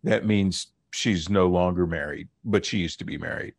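A middle-aged man, a linguist guest on a radio interview, explaining in a measured, lecturing way and slowing down to stress key words. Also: low-pitched, vocal fry, slightly rough, no room sound.

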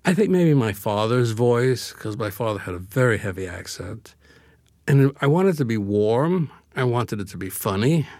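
A man's voice: mid-range voice, very animated, moderate pace, a little mellow, no echo. An older man from Brooklyn, a guest author talking in a reflective, wry way in a radio interview. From Brooklyn, USA. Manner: reflective, wry, laughs easily.

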